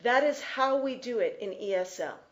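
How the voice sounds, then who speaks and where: A woman teaching an English class, explaining slowly and repeating key phrases. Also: a little high, animated, lo-fi sound. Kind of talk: classroom lecture.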